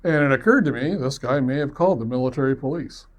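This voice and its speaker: A man's voice: medium pitch, fast. A man telling a personal story in a rambling, conversational way, self-deprecating and chuckling now and then. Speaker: web series producer.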